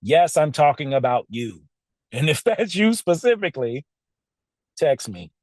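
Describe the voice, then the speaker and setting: Animated podcast host with a lively voice. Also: male voice, a little high, measured pace, no room sound. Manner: animated, laughs often, talks straight to listeners. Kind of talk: casual storytelling monologue. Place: podcast studio.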